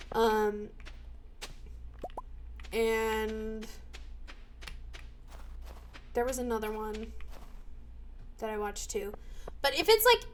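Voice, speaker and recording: Loud, excitable young woman streamer. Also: on the high side, a little hiss or hum, poor audio. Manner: loud, excitable, swears freely, bursts into shouts. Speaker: live streamer. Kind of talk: casual live-stream chat while gaming.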